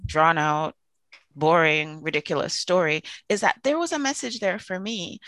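A woman telling a long story in a chatty, animated way, full of asides, now and then jumping up into high excited voices. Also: dry recording. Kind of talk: casual storytelling to camera.

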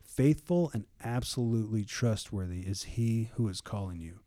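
A man leading a casual Bible study, reading scripture slowly and acting out biblical figures in lively everyday speech. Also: on the low side, no room sound. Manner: reads scripture slowly and deliberately.

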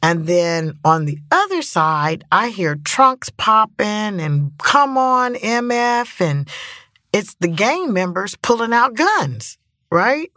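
Brief: middle-aged mother and activist, vivid storyteller, lower voice, unhurried. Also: big pitch swings, bright, forceful tone, no echo, clean studio sound. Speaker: grieving mother turned activist. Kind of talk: personal testimony in interview.

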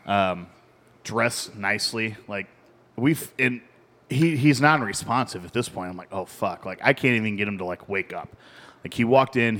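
A man's voice: fairly low pitch, a bit bright. A man with a Midwestern American accent, telling a story in casual podcast chat with dry humor. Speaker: podcast co-host.

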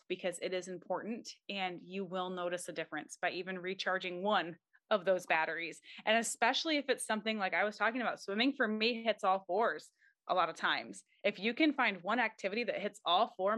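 Bright, dry-voiced Christian mom guest. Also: female voice, mid-range voice, normal speed, no echo. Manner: earnest, encouraging, faith-focused advice. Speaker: podcast guest. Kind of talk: casual interview talk.

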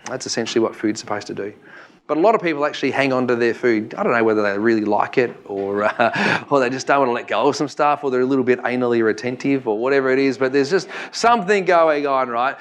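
A man's voice: medium pitch, quick pace. Chatty Australian man presenting to a room. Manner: chatty, jokey, asks the audience questions. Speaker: seminar presenter. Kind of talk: live talk to an audience. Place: room with a live audience.

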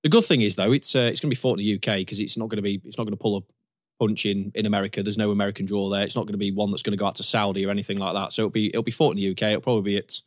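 A man co-hosts a podcast with measured, opinionated talk. His voice is on the low side. The recording is dry and close, with no room sound. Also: no room sound. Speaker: podcast co-host. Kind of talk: casual chat.

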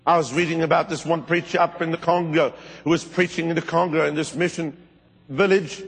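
A middle-aged man preaching a sermon, telling stories with fervor and sudden high, loud bursts. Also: steady tone, brisk, slightly rough. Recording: long hall reverb.

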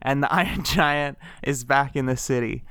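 A man co-hosting a podcast, recapping a film with quick joking asides. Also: mid-range voice, fairly bright tone, smooth, dry recording, clean studio sound. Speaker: podcast co-host. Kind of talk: casual chat recapping a film.

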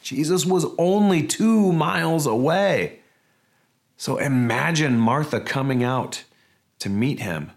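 A man's voice: fairly high pitch, animated, slow. A man, a pastor, preaching a sermon in a conversational, emphatic way with rhetorical questions.

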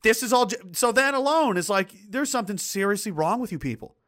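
A man's voice: sits high, lively intonation, fast, a bit bright. A middle-aged man hosting a livestream who reads viewer chat aloud and rants bluntly and profanely, with lots of rambling restarts. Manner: blunt and profane, heated outbursts. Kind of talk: casual ranting commentary.

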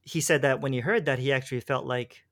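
A man's voice: medium pitch, steady tone, fast talker, a bit bright. A man casually recounting a personal faith story in conversation, rambling with restarts and slang like "dude" and "bro". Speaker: guest telling his faith story.

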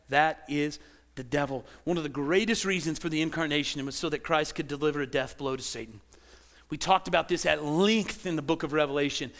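A pastor delivering a lively, conversational sermon in a high voice. He stumbles over and repeats words as he goes, and he keeps turning questions back to the congregation. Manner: animated preaching, stammers and repeats words, asks the congregation questions.

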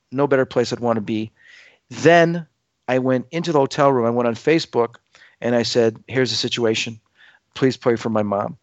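On dull audio with no room sound, a man with a medium-pitched voice tells a dramatic story about himself. He acts out the quoted voices as he goes, staying lively and emphatic.

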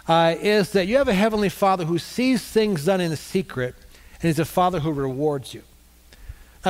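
A pastor delivering a sermon in a slightly higher-than-usual man's voice. He drives points home by repeating them and fills pauses with small hesitations. His words ring out with a long reverb from a church auditorium. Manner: repeats points for emphasis, pausing with fillers.

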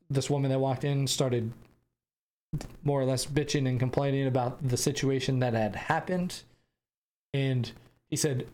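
Man, young adult, from the United States, podcast host, casual storytelling, rambling, mid pitch. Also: a little mellow. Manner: rambling, laughing, frequent filler restarts.

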